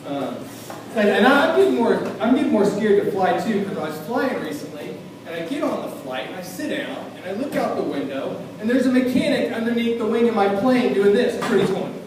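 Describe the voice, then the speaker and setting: A man from a small town in Maine does a stand-up comedy set, brash and self-mocking, shouting his punchlines. His voice sits high for a man. He is picked up from far off in a very echoey club room with a crowd audible. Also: lively intonation, fairly quick. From small town in Maine, USA. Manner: brash, loud, self-deprecating, yells punchlines.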